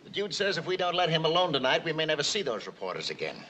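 An actor playing a pompous, indignant city mayor in a 1960s film. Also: male voice, on the high side, wildly swooping pitch, rapid-fire, bright, forceful tone, slight background noise, heavily acted. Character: flustered big-city mayor, middle-aged, self-important.

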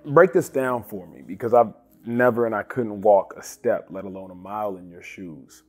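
A man in his thirties hosting an interview and asking measured, probing questions. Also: on the low side, a little mellow. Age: 30s. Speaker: interview host.

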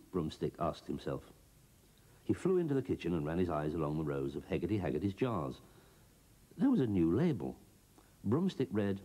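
A man giving a scripted children's storybook narration, expressive and bouncing between character voices. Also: sits low, brisk, husky.

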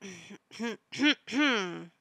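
A woman talks through a life-sim game in a slow, unhurried way, coaxing her characters along like a parent. Her voice has a gravelly, fried edge. The sound is dry and close, with no room around it. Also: mid-range voice, expressive, a bit bright, no room sound. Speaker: gaming YouTuber. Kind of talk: casual gameplay commentary.

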